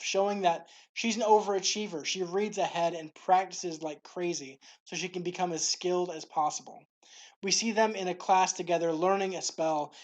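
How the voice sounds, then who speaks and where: A woman narrates a scripted devotional for the faith series she hosts. Her slightly low voice remains clear and steady from start to finish.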